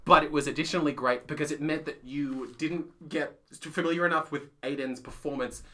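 A man co-hosting a casual theatre chat, animated and quick to laugh and act out quotes. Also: on the high side. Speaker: podcast co-host; playwright.

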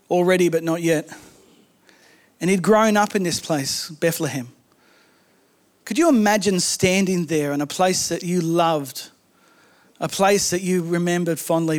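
A man preaching a sermon, telling stories in an animated way with humorous asides. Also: a little high, normal speed. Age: adult, married.

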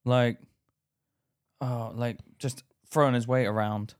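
A man's voice: medium pitch, steady tone, takes it slowly, no echo, clean studio sound. A young man co-hosting a podcast, telling stories bluntly in casual chat, swearing freely and laughing at himself. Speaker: podcast co-host. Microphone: podcast mic.

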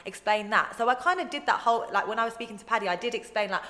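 A woman's voice: fairly high pitch, very fast. A young woman chatting as a guest, telling stories and acting out what others said. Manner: chatty storytelling, quotes others in lively voices. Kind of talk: casual chat. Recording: roomy with long reverb.

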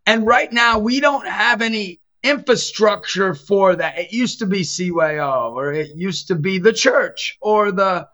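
A man's voice: high voice, unhurried, hardly any pauses, highs cut off. A middle-aged man, a Catholic evangelist and youth basketball coach, telling stories in a casual chat and acting out the voices of the people in them. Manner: animated, acts out quoted voices in his stories. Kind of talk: casual storytelling in a podcast chat.

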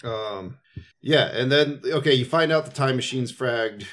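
A man's voice: mid-range voice, unhurried, fairly bright tone. A man in casual chat, rambling through a movie plot with fillers and acted-out quotes. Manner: rambling, filler-heavy, acts out characters' lines.

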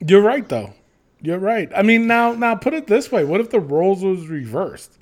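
A man co-hosting a casual chat podcast, reading listener comments aloud with animated swearing and frequent laughter. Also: sits high, moderate pace.

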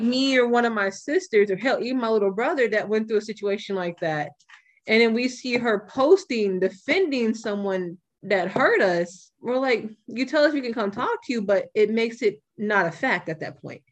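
A young woman hosting a podcast, talking bluntly and with plenty of swearing in a casual, animated way. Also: a little high, moderate pace. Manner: blunt and profane, animated retelling. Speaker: podcast host.

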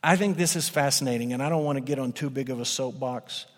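A man preaching a sermon emphatically, his voice rising and then dropping low for effect. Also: quick pace. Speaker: pastor. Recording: long hall reverb.

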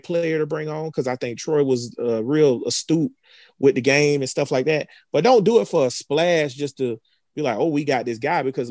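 A man's voice: mid-range voice, a little mellow, no echo, studio quality. Opinionated man in casual sports chat. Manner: loose, opinionated, joking trash talk. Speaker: podcast co-host.

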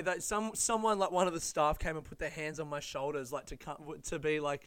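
Bright, animated Australian man. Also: fairly high pitch, moderate pace, clean tone, no echo. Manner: animated, swears freely, laughs while telling stories. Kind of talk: casual storytelling monologue.

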